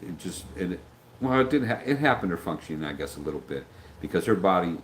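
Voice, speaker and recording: A middle-aged man with a very low voice, talking loosely on a livestream and answering viewer comments. He wanders off track, backs up, and acts out the people he quotes. A faint hum of noise sits behind him. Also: animated, fast talker, fairly bright tone, poor audio. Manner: rambling, loses his train of thought, acts out quoted voices. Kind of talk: casual livestream chat.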